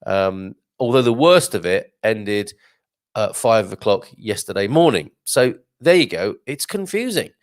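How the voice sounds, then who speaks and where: Man hosting a casual live show, chatty and rambling, lower pitch, very dry close-mic sound. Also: expressive, a little slow, no echo. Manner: chatty, rambling with many fillers and asides. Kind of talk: casual live-stream chat reading viewer comments.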